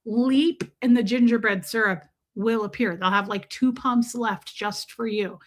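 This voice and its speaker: A woman's voice: a little high, fairly even intonation, unhurried. A woman hosting a casual livestream, chatty and joking, with sarcastic asides and lots of "like". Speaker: livestream host. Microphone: streaming microphone.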